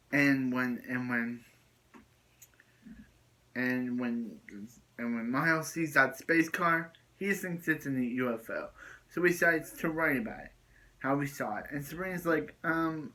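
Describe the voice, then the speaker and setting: A man with a bright, forceful voice recaps a TV episode in a loose, rambling way. He keeps circling back with filler words and restarts his sentences before he gets to the point. His pitch sits in a middle range for a man. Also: slow, long pauses, low-quality recording. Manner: rambling, repeats and restarts phrases. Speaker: video reviewer.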